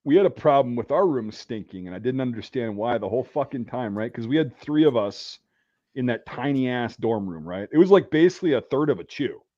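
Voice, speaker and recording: A man hosting a casual podcast, telling profane army stories in an animated way. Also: medium pitch, a little fast, dry recording, muffled recording. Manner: profane, animated, shouts out quoted rants. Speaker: podcast host. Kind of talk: casual storytelling chat.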